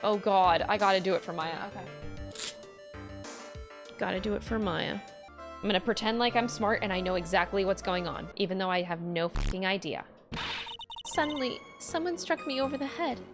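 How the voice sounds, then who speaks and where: A young adult woman streamer giving casual game commentary in an excitable, dramatic way. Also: mid-range voice, moderate pace, pauses often. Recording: game music behind.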